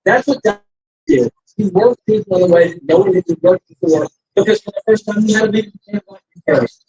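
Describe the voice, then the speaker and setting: Male rally speaker, high-pitched and animated, acts out his anecdotes. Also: fast, slightly rough, dull audio. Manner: animated storyteller who acts out the quoted voices. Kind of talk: political rally speech with anecdotes. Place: restaurant campaign stop.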